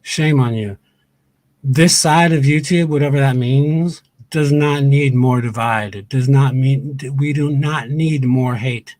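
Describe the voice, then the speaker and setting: A man's voice: mid-range voice, measured pace, a little mellow, no room sound. A man ranting on a livestream, angry and profane, repeating his points over and over. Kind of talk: heated livestream rant.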